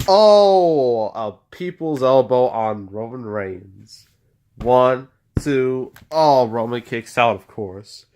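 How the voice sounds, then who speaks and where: Host calling a wrestling video game at a very slow, drawn-out pace, excitable, talking to the wrestlers on screen. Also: medium pitch. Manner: excitable, full of gasps and "oh" exclamations. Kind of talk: play-by-play game commentary.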